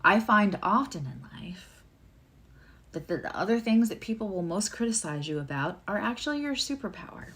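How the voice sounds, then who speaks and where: A woman's voice: mid-range voice, big pitch swings, normal speed, fairly bright tone. A woman giving a casual live tarot and astrology reading, chatty and rambling with many fillers and asides.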